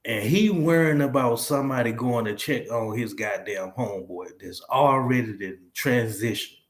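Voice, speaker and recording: A man's voice: mid-range voice, moderate pace. A man giving casual reaction commentary in slang, often checking that the listener follows. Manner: slangy, keeps asking "you get what I'm saying". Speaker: reaction streamer. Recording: echoey room.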